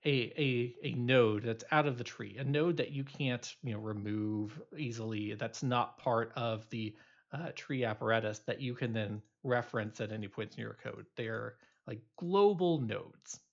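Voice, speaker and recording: A man's voice: medium pitch, steady tone, moderate pace, vocal fry. Guy teaching game coding, rambly with lots of uhs, kinda dull lo-fi audio. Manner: loose explaining with many fillers and restarts. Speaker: instructor. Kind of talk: recorded programming lecture.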